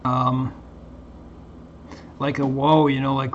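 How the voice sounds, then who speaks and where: A man reading passages aloud and commenting on them, halting often with fillers and restarts. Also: medium pitch, level tone. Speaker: Bible commentary vlogger. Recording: dull lo-fi recording with faint background hiss.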